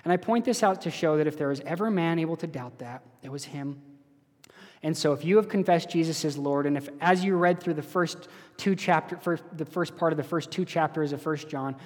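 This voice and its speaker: A man's voice: fairly high pitch, moderate pace. A man preaching an earnest, conversational sermon as pastor of a church. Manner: earnest, conversational with direct questions to listeners. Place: church hall. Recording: echoey hall.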